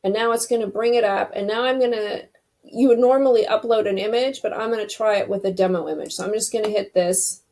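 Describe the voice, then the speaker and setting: A woman's voice: mid-range voice, quick pace, darkish tone. A woman hosting a casual screen-recorded web design tutorial, chatty and thinking aloud as she clicks through each step.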